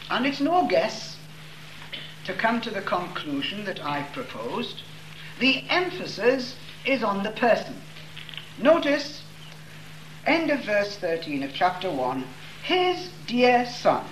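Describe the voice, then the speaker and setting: A man preaching a sermon, reading scripture slowly and leaning hard on the key words. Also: high-pitched, big pitch swings, a bit bright. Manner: slow, emphatic reading of scripture with stressed words. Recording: roomy echo with faint room noise.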